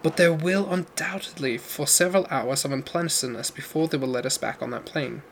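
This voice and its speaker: An earnest young woman courier, urgent and low-voiced, as a male reader puts her on. She speaks softly and deliberately, her pitch nudged a little high. Faint background noise sits under the voice. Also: gravelly. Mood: hushed. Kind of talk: audiobook character voice.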